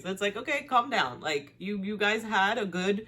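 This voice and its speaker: A woman hosting a casual TV recap, chatty and animated, blunt and slangy, laughing often. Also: normal speed. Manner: chatty and animated, with big pitch swings and frequent laughs. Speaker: host.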